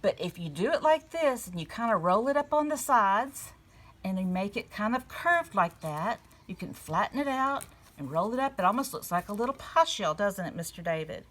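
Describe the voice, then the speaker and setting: A woman giving a gentle storytelling lesson to young children at a table. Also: medium pitch, lively intonation, moderate pace. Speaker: children's church teacher. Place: indoors at a table.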